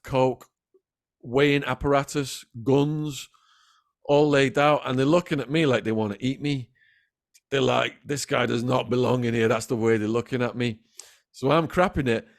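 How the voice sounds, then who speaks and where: English man telling a wild story. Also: mid-range voice. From England. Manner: lively, acts out quoted voices, swears freely. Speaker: guest storyteller. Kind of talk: animated true-crime storytelling.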